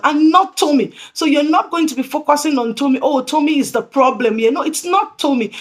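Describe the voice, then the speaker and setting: A woman presenting tips to early childhood educators, earnest and repeating her key points. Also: high-pitched. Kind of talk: instructional talk to camera.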